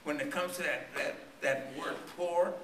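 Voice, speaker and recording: Male preacher, voice worn and straining, bright and forceful tone, tells a story in his sermon, church echo, mic far off. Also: fairly high pitch, steady tone, measured pace. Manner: storytelling sermon with call-and-response questions to the congregation. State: voice strained and tiring. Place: church sanctuary. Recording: echoey church recorded from a distance.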